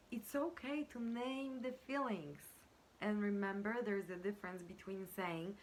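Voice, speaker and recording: A woman coaching on communication, explaining step by step in a measured way with frequent pauses and fillers, now and then acting out example sentences. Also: mid-range voice, a little hiss or hum. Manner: measured, pausing with fillers, acts out example phrases. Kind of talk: explanatory teaching talk.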